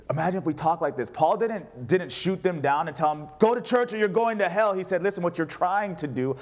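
A male pastor preaching a sermon, reading scripture aloud and putting questions to his congregation. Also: on the high side.

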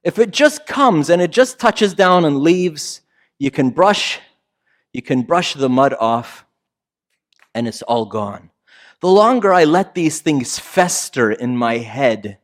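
Middle-aged male pastor, casual sermon delivery, higher-pitched, rises to emphatic bursts and drops to soft asides. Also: animated, takes it slowly. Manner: conversational preaching with frequent "right?" asides.

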